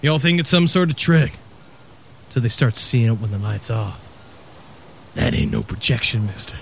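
A weary old antique shopkeeper with a Maine drawl, as a man puts him on. He speaks slowly and ominously, his voice dropped low. The delivery has a dark, warning edge. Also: animated, gravelly, slight background noise.

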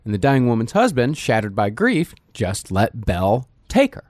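A man's voice: medium pitch, wildly swooping pitch, moderate pace, a little mellow, no echo, studio quality. A man hosting a podcast, reading a scripted true-crime narration with wry asides. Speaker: podcast host narrating a case.

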